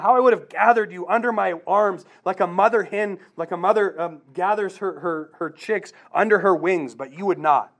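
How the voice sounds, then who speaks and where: A man preaching a sermon, earnest, asking rhetorical questions and repeating himself as he presses a point. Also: on the high side.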